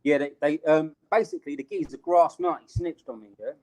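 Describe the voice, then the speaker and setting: A man's voice: a little high, big pitch swings, fast talker, creaky, a little mellow. A young British man telling a street story in casual, slangy talk, laughing along the way. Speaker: interview guest.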